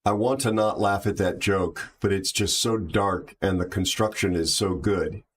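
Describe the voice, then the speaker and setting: A livestream host with an aviation background chats casually, telling jokes and reading chat aloud as he reacts to it. He has a deep voice with fairly even intonation and an unhurried pace, with a little hiss or hum in the audio.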